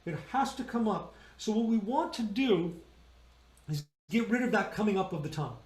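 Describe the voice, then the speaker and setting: A man's voice: high voice, moderate pace, darkish tone, roomy sound. A man leading an online choir rehearsal, patiently explaining vowels and singing them as he demonstrates. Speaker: choir director.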